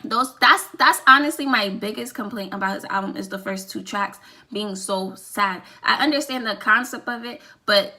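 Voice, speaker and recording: A woman's voice: mid-range voice, moderate pace, bright, forceful tone. A woman vlogging her opinionated music review, talking emphatically, repeating lines for effect and swearing casually.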